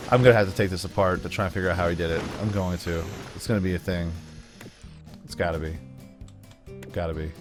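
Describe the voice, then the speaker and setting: A man's voice: lowish voice, fast talker, soft background music. A man giving loose, jokey let's play commentary as a gaming channel host, enthusiastic and rambling. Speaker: gaming YouTuber.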